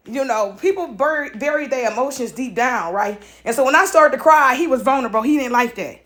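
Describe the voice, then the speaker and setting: A woman telling a personal story to her viewers in a casual, animated way. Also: high-pitched, a little fast. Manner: animated, emotional, talks straight to viewers.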